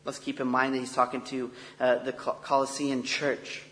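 A man's voice: mid-range voice, completely flat delivery, normal speed, a bit bright. A man preaching a sermon in an earnest, conversational way, often restarting phrases. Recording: long echo of a large hall.

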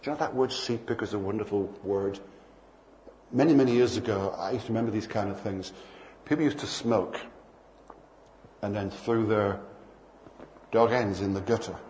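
A man's voice: on the low side, normal speed, pauses often, darkish tone, slight background noise. An older man preaching a sermon, telling playful anecdotes and acting out bits of dialogue.

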